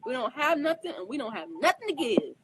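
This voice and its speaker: Her voice sits high and sing-song, moving at a quick pace over a little hiss or hum in poor audio. The woman is an astrologer giving advice in a casual monologue, addressing viewers head-on with earnest, preachy emphasis, open emotion and frequent "do you understand?" checks.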